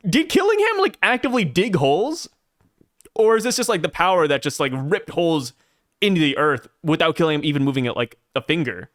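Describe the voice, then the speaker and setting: A man's voice: a little high, fairly bright tone, no room sound, studio quality. A man co-hosting a podcast, chatting casually and animatedly about manga, sometimes reading panel dialogue aloud. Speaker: podcast co-host.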